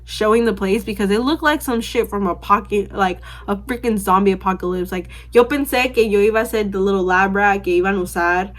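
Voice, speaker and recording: A young woman vlogger tells a story straight to camera in a loose, rambling way. She fills it with "like" and restarts, and swears offhandedly. Her voice sits at an ordinary middle pitch. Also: brisk, hardly any pauses. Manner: rambling, filler-heavy, lots of "like" and restarts; candid, swears casually.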